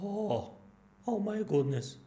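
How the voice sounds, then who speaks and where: Streaming a horror game live, this young man from Austria has a high voice and takes it slowly over a noisy background. Excitable throughout, he yelps, gasps, swears plenty and keeps the crude jokes coming.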